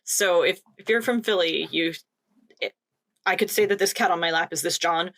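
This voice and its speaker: A woman's voice: on the low side, normal speed, a bit bright. A woman from Philadelphia co-hosting a podcast, chatting casually and giggling as she tells stories with enthusiasm. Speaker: podcast co-host. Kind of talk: casual chat.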